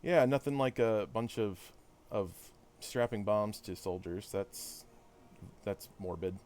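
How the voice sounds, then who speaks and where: A man's voice: fairly low pitch, slow, a little mellow. A man streaming a video game, chatting casually with viewers and poking fun at himself. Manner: chatty, self-deprecating, talks to chat. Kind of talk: casual live-stream chat while gaming.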